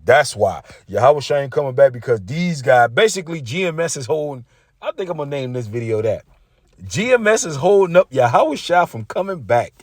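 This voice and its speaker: A man's voice: medium pitch, big pitch swings, a little fast, no echo, studio quality. A man preaching combatively, reading scripture aloud and mocking rival preachers. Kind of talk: street-preacher sermon video.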